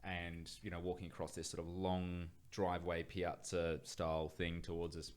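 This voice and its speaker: A man hosts a podcast from a studio. He talks in a relaxed, conversational way and laughs easily. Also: deep voice, moderate pace, smooth. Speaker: podcast host. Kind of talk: casual podcast chat.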